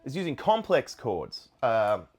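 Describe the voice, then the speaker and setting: A man, a guitarist, chatting casually to camera in a relaxed, rambling way with many fillers. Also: medium pitch, a little slow. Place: Nashville. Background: guitar playing.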